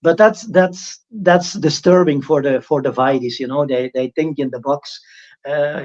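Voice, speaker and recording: Man, loose spiritual talk, rambling restarts, slightly high voice, dull lo-fi sound. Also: measured pace, darkish tone. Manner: rambling, frequent restarts, mocking impressions of critics. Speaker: spiritual teacher. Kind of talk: informal spiritual talk on a livestream.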